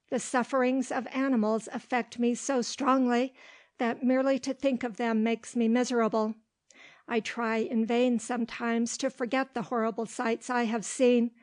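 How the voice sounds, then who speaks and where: A woman's voice: fairly high pitch, level tone, normal speed, darkish tone. Woman reading an audiobook. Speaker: audiobook narrator.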